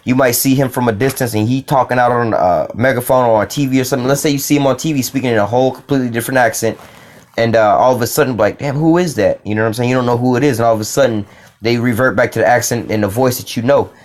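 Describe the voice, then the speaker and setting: A man's voice: medium pitch, fairly even intonation, rapid-fire. A man teaching from the Bible in a loose, casual way, often saying "you know" and "all right".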